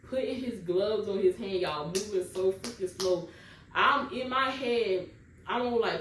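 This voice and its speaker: A young woman tells her story to the camera, talks right to her viewers and fills her talk with y'all. Her voice sits at a middle pitch. The sound is roomy and a little distant, with a faint hiss underneath. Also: unhurried. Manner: addresses viewers as y'all often, casual Southern US dialect. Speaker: vlogger telling her birth story. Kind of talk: emotional personal storytelling to camera.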